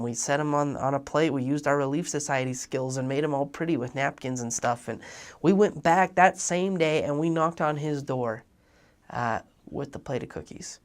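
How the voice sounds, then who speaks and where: A young man tells a personal story to listeners, with a gravelly, fry-edged voice. He stays animated and jumps into quoted lines as he goes. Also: mid-range voice. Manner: animated, acts out quoted dialogue. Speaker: speaker. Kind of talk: storytelling talk.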